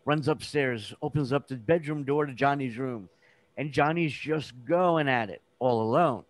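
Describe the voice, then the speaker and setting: A man in a casual online meeting, telling a joke with lively delivery and squeaky character voices. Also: normal speed, no echo. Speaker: meeting participant.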